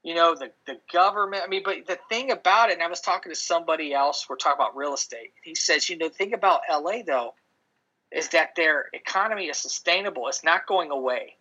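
A man's voice: fairly high pitch, fast, bright, forceful tone, breathy edge. A middle-aged man chatting casually on a podcast, telling rambling stories full of restarts and "dude". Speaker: podcast co-host. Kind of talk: casual chat. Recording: dull lo-fi audio.

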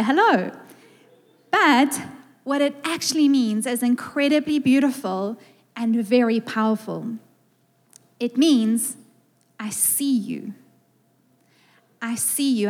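A woman with a South African accent, a guest preacher giving a conversational, playful sermon to a congregation in a church. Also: high voice. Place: church sanctuary. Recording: reverberant church hall.

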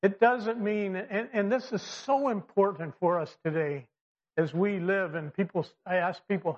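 A man's voice: high-pitched, normal speed. A man preaching a sermon in a conversational way, full of fillers and restarts, acting out quoted voices. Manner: lively, acts out quoted voices. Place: church or classroom with slides. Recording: dull lo-fi sound.

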